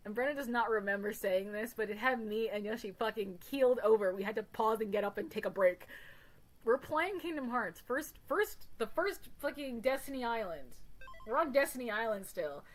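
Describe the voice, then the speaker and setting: A woman's voice: fairly high pitch, expressive, normal speed, poor audio. A young woman hosting a casual chat, rambling through stories, swearing freely and laughing often. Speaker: podcast host.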